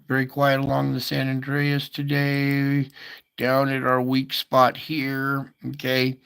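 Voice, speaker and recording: Smooth, fairly bright, and marked by vocal fry, this man's medium-pitched voice carries a laid-back earthquake update. He muses over maps as he shares his screen, scattering fillers and side remarks throughout.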